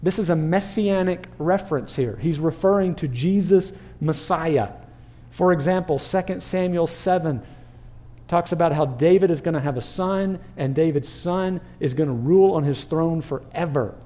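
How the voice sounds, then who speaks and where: A man preaching a sermon as pastor, animated, asking the listeners questions and acting out crowd voices. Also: a little high, moderate pace.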